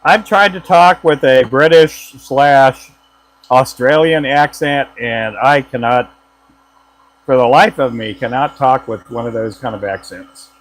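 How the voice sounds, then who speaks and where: A man's voice: medium pitch, measured pace, low-quality recording. A man who makes fishing lures chatting casually for his vlog, easygoing and rambling with frequent chuckles. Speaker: lure maker.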